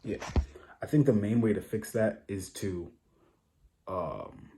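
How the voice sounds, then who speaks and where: A man's voice: lowish voice, takes it slowly, heavy background noise. A man talking casually to camera, giving blunt opinions with a lot of repetition and rhetorical asides. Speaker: vlogger.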